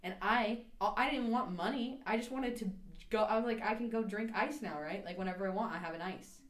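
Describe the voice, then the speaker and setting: A woman's voice: medium pitch, fast, echoey room. A young adult woman co-hosting a podcast, telling a story in casual chat with laughs and mimicked quotes. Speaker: podcast co-host.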